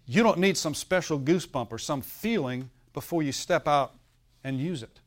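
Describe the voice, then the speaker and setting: A man's voice: a little high, lively intonation, moderate pace. A male pastor preaching a sermon, telling a story and often asking the congregation for an amen, with a laugh now and then.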